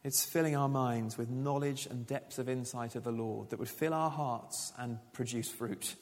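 A man's voice: mid-range voice, steady tone, moderate pace, in a large hall. A man preaching a sermon as pastor, conversational and full of rhetorical questions.

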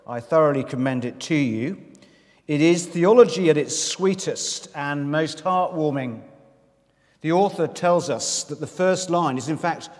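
A visiting minister preaches a sermon at a church in London, chatty and self-deprecating, turning aside now and then to address the congregation. His voice is on the high side, a little slow and darkish. The church hall is reverberant.

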